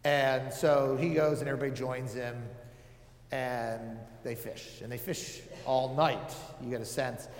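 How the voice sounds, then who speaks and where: A man's voice: mid-range voice, little pitch movement, measured pace, a little hiss or hum. A man giving a casual, conversational sermon, with joking asides and many filler words. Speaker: preacher. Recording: echoey hall with long reverb.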